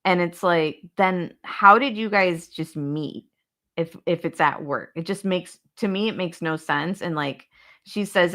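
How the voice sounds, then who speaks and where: Woman host for a casual stream, slow and chatty, a little low-pitched, addresses viewers directly. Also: fairly bright tone. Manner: chatty, talks straight to viewers, reads documents aloud. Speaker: true crime channel host. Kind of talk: casual livestream case discussion.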